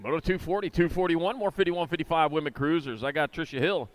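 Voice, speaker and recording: A man announcing live BMX races in an indoor arena, rattling off rider names and moto numbers with corny jokes between heats. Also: fairly high pitch. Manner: rapid-fire rider call-outs with corny jokes. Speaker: race announcer. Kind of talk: live race commentary.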